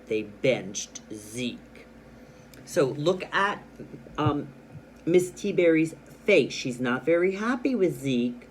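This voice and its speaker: A man teaching a children's reading lesson. He reads a storybook aloud with lots of expression, stressing words and pausing, then explains plainly what he did. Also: medium pitch, a little hiss or hum.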